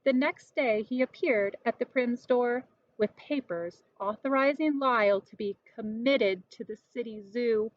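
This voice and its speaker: A woman reads a storybook aloud with a lively, expressive delivery, her voice fairly high for a woman. The recording is dull and dry, with no room sound. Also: unhurried, dry recording.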